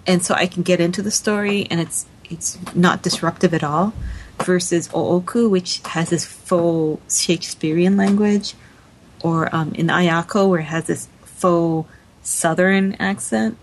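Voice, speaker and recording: A woman on a podcast panel, talking quickly and animatedly with frequent restarts in casual discussion. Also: on the low side, steady tone, slight background noise, poor audio.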